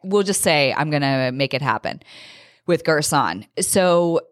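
Woman, low voice, animated storyteller, casual podcast chat, dry close mic. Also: no echo. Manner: animated storyteller, quick bursts. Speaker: podcast co-host.

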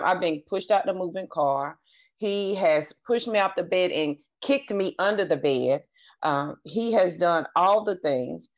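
Podcast guest: woman with a lowish voice, candid and earnest, recounting her story on a dull lo-fi recording. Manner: earnest, candid, retells dialogue in her own voice. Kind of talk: personal storytelling interview. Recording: dull lo-fi audio.

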